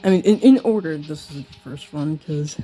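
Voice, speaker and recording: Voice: mid-range voice, lively intonation, warm tone, faint music behind. A young author reading an old story of their own aloud, breaking off for giggly, self-mocking asides. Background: slowed-down song.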